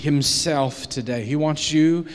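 A man's voice: fairly high pitch, slow, faint music behind. A man leading a church service, preaching fervently with a repetitive cadence. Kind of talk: sermon exhortation.

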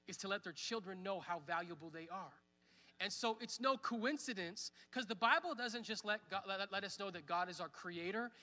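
A man's voice: high-pitched, sharp tone, big-room sound. A man in his thirties preaching a sermon at church, conversational, with fillers. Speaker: pastor. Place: church hall.

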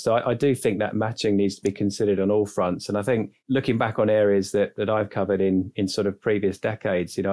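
A man's voice: fairly low pitch, a little mellow. A man from London or the South East, a panel guest speaking conversationally with frequent tag questions. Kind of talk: casual panel discussion.

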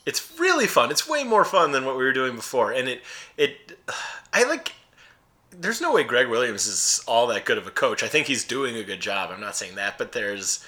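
A man's voice: mid-range voice, bright, forceful tone. A man co-hosting a sports podcast, rambling loosely in profane, casual fan talk. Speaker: podcast co-host.

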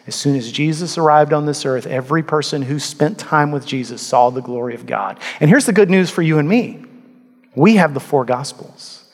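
A male pastor preaching in a large church hall, his slightly high voice carrying a long reverb tail. He speaks earnestly and pushes to emphatic peaks on key points. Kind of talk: sermon.

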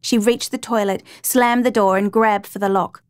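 A woman narrating a true crime story in a steady, measured reading voice. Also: medium pitch, smooth, dry recording, clean studio sound.

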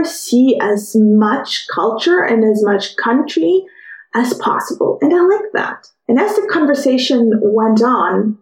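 A woman with a fairly high voice tells a personal story on her podcast. She is lively and acts out what other people said. Her voice sounds echoey, as if she is in a bare room. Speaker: podcast host.

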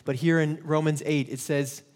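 A man's voice: a little high, fairly even intonation, normal speed, a little mellow, long reverb tail. A male pastor preaching a conversational sermon, telling stories and laughing at himself.

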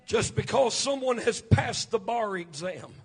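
A man's voice: high-pitched, lively intonation, unhurried, creaky, husky. A man preaching a Pentecostal sermon, chanting his phrases with "uh" breaths between them.

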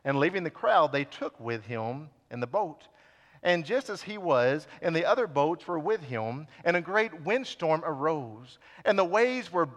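Impassioned preacher man in a reverberant hall. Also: on the high side. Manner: impassioned, swinging between loud appeals and hushed lines. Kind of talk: sermon.

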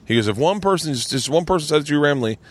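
A man's voice: fairly high pitch, animated, quick pace. A man hosting a podcast, chatting casually, rambling through stories and acting out what people said. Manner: rambling storyteller, acts out quotes, swears freely. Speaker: podcast host. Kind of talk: casual chat.

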